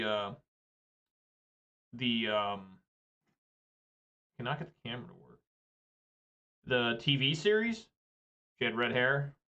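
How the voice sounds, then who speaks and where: A man with a bright, slightly tense voice chats through his card game, rambling into side stories and cursing when things go wrong. The recording sounds a little dull and muffled. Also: medium pitch, clear, resonant tone. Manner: rambling, profane, chatty asides. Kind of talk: casual gameplay commentary.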